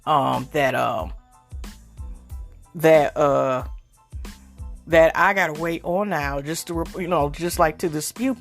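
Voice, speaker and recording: A woman hosting a casual solo podcast, talking in a rambling, slangy way with many fillers and restarts. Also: low voice. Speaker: podcast host.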